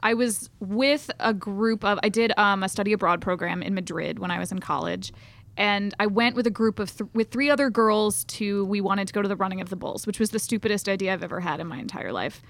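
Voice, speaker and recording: A woman's voice: mid-range voice, fairly quick. A young woman from the American South telling a travel story in casual chat as a podcast co-host, self-deprecating and chatty.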